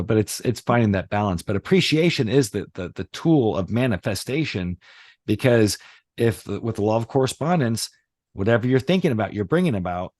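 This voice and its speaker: A middle-aged man talking casually on a podcast as host, rambling and animated, with many fillers and restarts. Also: fairly low pitch, no room sound. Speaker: podcast host, reality surfing teacher.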